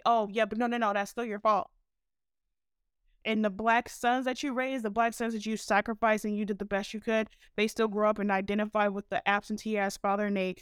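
Woman podcast host, impassioned and profane; clear voice, dry and close-miked. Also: on the high side, no echo. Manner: blunt, fiery, profane.

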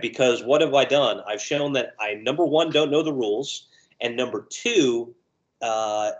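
Male ref, mid-pitched, storyteller who acts out quoted voices. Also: fairly bright tone, low-quality recording. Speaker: lacrosse referee. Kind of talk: conversational storytelling.

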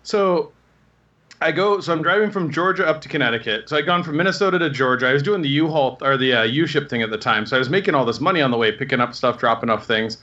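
A man in his thirties rattles off anecdotes with lively, rambling energy and acts out the people in them. His voice is bright and a little high. The recording sounds dull and lo-fi. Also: fast talker. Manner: rambling, animated anecdotes with acted quotes. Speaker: guest telling stories. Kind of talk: casual storytelling.

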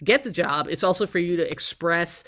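A woman holding forth on a podcast, her voice bright and forward. She tells things with gusto and laughs through her own stories. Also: lowish voice, moderate pace. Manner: animated storyteller, laughing while she talks. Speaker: podcast co-host. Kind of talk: casual chat.

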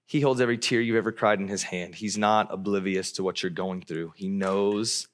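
A man's voice: on the low side, normal speed. A man preaching a sermon as pastor, telling a story and speaking straight to the listeners. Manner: animated preacher who acts out voices.

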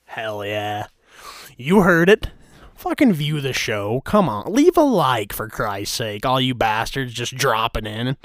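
A man's voice: mid-range voice, animated, takes it slowly, fairly bright tone, dry recording, clean studio sound. A man hosting a casual podcast, ranting in a crude, mock-angry, teasing way. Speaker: podcast host. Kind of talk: crude comedic rant.

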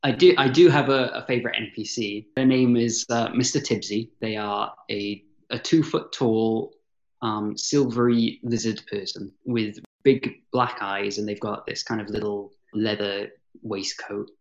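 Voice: medium pitch, steady tone, unhurried. Guest dm on a podcast, kinda hesitant, repeats words, chuckles a lot, dull lo-fi remote audio. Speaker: podcast guest, dungeon master. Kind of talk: casual chat.

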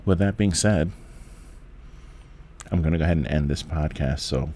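Very deep-voiced New man in his forties. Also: normal speed, dark tone, slight background noise. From the Bronx, New York. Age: 40s. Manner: rambling, laid-back, profane, with frequent restarts. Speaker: podcast host. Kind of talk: candid solo podcast monologue.

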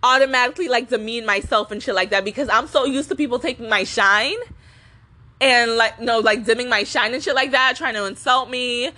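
A woman's voice: fairly high pitch, brisk, sharp tone. A young woman vlogging a casual rant full of cursing and fillers, laughing often between sentences. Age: young adult. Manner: swearing, rambling with many fillers; laughs often while talking.

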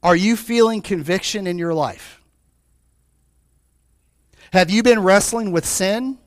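A male pastor with a notably high voice delivers a fervent sermon. He swings between fired-up, raised passages and hushed, low stretches. He keeps turning to the congregation with direct questions. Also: slow. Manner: fervent, rises and drops sharply in pitch and volume; calls out to the congregation.

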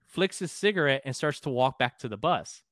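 A man's voice: medium pitch, animated, brisk, a bit bright, no room sound, studio quality. A man from Texas, a podcast guest and musician, telling a story casually, profane and rambling with frequent restarts. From San Antonio, Texas.

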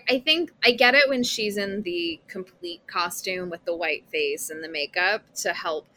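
A woman's voice: lowish voice, pushed and bright. A woman co-hosting a casual film podcast, chatty and opinionated, with many "like" fillers. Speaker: podcast co-host. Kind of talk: casual chat about films.

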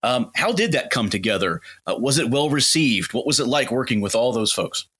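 A man's voice: mid-range voice, lively intonation, brisk, fairly bright tone, slightly rough. A man hosting an interview, encouraging his guest and asking questions with small hesitations. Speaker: interview host.

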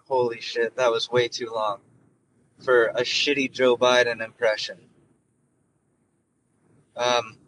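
A man's voice: medium pitch, sharp tone, a little hiss or hum, low-quality recording. A man hosting a casual solo podcast from his car, talking in an offhand, rambling way through his phone. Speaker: podcast host. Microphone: phone through car system.

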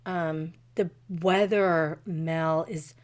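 Woman, podcast co-host, casual chat, animated, swears freely, laughs often. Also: low-pitched, extremely slow.

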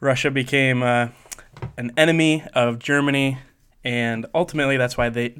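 A man's voice: mid-range voice, steady tone, normal speed, fairly bright tone, smooth. A man from Michigan co-hosting a podcast, telling stories in a jokey, casual way and laughing often. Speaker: podcast co-host. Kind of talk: casual storytelling chat.

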